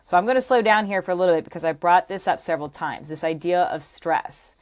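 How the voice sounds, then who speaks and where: A woman's voice: fairly low pitch, quick pace. A woman fitness coach teaching to camera, pressing her points hard and checking in with "okay?" and "right?" after nearly every idea. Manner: emphatic, repeats points with frequent "okay?" and "right?".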